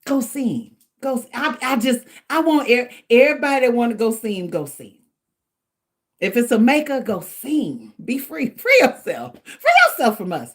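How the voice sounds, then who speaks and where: A middle-aged woman hosts a casual livestream, talking in an animated, chatty way with frequent laughter. Her voice sits a little high, and her pitch swings widely as she talks. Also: moderate pace. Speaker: livestream host.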